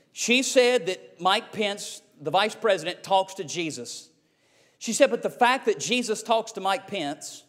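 Man, preacher, high-pitched, fiery sermon, shouts and hushes. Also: in a large hall. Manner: fiery, rising to shouts then dropping low.

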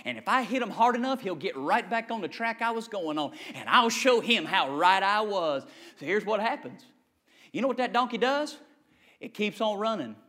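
A man preaching a sermon to a church congregation, shifting between shouted peaks and low, quiet asides in a folksy, repetitive preaching cadence. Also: big pitch swings, moderate pace.

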